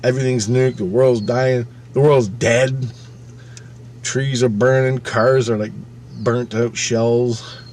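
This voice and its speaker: Male storyteller, mid-pitched, plain casual delivery, profane and animated, faint hiss behind. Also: slow. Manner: swears freely, acts out his own past thoughts with sudden loud and quiet swings. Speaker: channel host recounting a personal experience.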